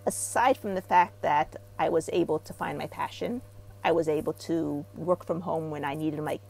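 A middle-aged woman from Israel, a therapy practitioner talking as an interview guest. She tells stories with animation and gets loud when she acts out what people say. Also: deep voice, vocal fry, a little hiss or hum, rough recording. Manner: animated storyteller, rising loud when acting out quotes. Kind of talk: casual interview talk.

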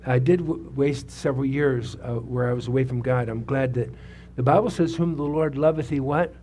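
A warm, medium-pitched male voice at normal speed belongs to a pastor in his seventies. He's preaching in a church sanctuary, weaving in his own testimony, chatting with the congregation and asking them questions.

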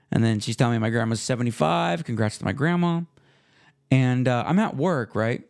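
A young man hosting his own podcast, talking casually in a rambling, self-deprecating way with slang and restarts, relaxed after smoking. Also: mid-range voice, fairly quick, gravelly, smooth, faint music behind. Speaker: podcast host. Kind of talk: casual solo podcast monologue.

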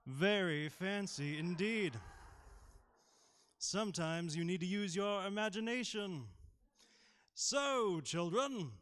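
Man playing a high-pitched fancy gent with a monocle, posh, lofty phrasing. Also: slow, long pauses, a bit bright. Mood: pompous.

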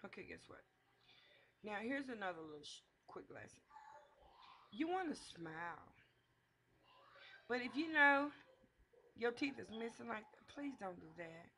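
A woman's voice: on the high side, sing-song, a little slow, pauses often, bright, forceful tone, slight background noise. A middle-aged woman hosting a playful, joking wig tutorial, talking sassily to her viewers. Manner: sassy, joking, addresses viewers as y'all and baby. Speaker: vlogger's mother doing a wig tutorial.

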